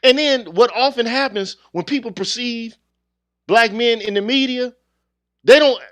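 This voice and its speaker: A man's voice: very high-pitched, a bit bright, no echo. A man hosting his own channel, ranting bluntly in street slang, heated and confrontational in a casual monologue to viewers. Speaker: channel host.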